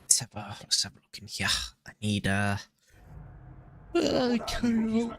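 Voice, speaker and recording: A man's voice: medium pitch, animated, measured pace, background noise. A man with a London accent streaming a game, joking, crude and rambling with fillers. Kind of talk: casual game commentary.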